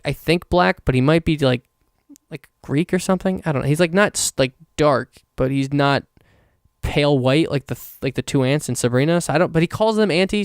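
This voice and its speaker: A young man talks through a casual solo podcast, rambling and swearing freely between fillers. His voice sits a little high for a man and sounds smooth and resonant. The recording is dry and close, with no room sound. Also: dry recording. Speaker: podcast host.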